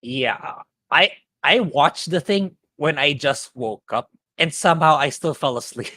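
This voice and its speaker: A man's voice: a little high, animated, unhurried, bright, forceful tone, no echo. A man co-hosting a casual podcast, stammering through his thoughts and breaking into giggles. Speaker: podcast co-host. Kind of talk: casual chat.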